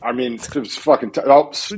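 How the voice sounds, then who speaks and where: A man who is a retired football player, a guest on a talk show, telling stories in an animated, self-mocking way. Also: medium pitch, a little fast, very noisy. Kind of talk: casual chat on a talk show.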